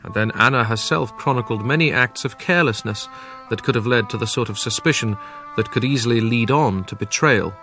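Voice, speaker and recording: A man narrating a documentary in a measured, grave scripted delivery. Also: mid-range voice, bright, forceful tone, soft background music.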